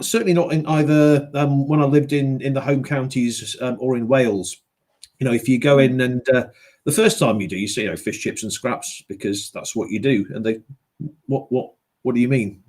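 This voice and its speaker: A man's voice: medium pitch, darkish tone. Man explaining things at an easy pace. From Yorkshire, England. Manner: measured, explanatory, hesitant with fillers. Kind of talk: casual chat.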